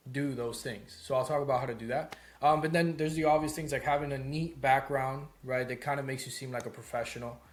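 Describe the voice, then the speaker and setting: A young man in his home office giving a casual lesson on sales calls, talking loosely with lots of "like" and "right?". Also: medium pitch. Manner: loose, conversational, heavy on "like" and "right?". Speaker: sales course instructor.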